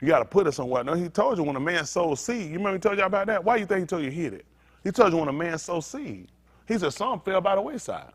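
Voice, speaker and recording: A high-voiced man talks fast and with lots of animation as he delivers a sermon. As pastor of a synagogue congregation, he speaks to them directly, joking and chatting.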